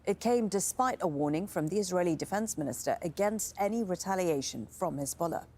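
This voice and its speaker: A woman news anchor reading scripted headlines in a measured, formal way. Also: sits low, a little mellow, slightly rough.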